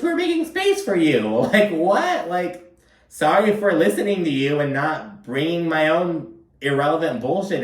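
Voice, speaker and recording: Brief: man, mid-pitched, chatty profane recap commentary, recorded a bit off-mic in an echoey room. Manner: gossipy, profane, frequent "like" fillers. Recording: roomy, distant from mic.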